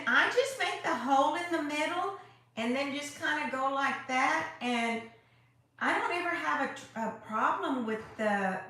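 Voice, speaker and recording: Slow-talking woman in an echoey room. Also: high voice, pushed and bright. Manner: chatty, greets viewers by name, sweet and effusive. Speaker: craft livestream host. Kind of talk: live crafting tutorial chat.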